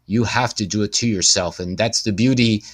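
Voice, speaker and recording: A man's voice: lowish voice, moderate pace, a bit bright. A man interviewing a guest, talking in a rambling, emphatic way with many asides. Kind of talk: casual conversational talk.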